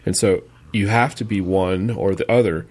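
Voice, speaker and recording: A man's voice: low-pitched, normal speed, a little mellow, slightly rough. A man co-hosting a casual podcast, chatting and tossing in dry, teasing remarks. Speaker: podcast co-host. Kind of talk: casual chat.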